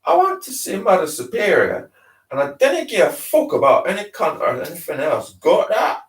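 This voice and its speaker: A desperate young man in withdrawal, breathless and snarling through every curse, as a male reader puts him on. His voice sits high and leaps all over the place. It sounds distant from the mic in an echoey room. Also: sing-song, moderate pace. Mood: demanding. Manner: snarling, breathless, swearing constantly. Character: agitated foul-mouthed young man in withdrawal.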